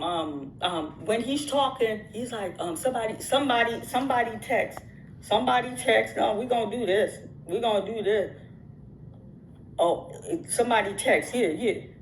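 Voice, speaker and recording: A woman's voice: mid-range voice, a bit bright, reverberant, slight background noise, low-quality recording. A woman talking straight to her viewers in casual commentary, emphatic and repetitive, with frequent restarts. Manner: emphatic, repeats phrases, many restarts. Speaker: YouTube commentator. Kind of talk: casual talk to the camera.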